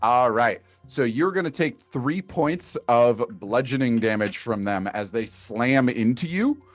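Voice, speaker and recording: A man's voice: medium pitch, dry recording, soft background music. A man running a tabletop role-playing game as game master, narrating scenes and calling for dice rolls. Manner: lively storytelling with quick put-on voices.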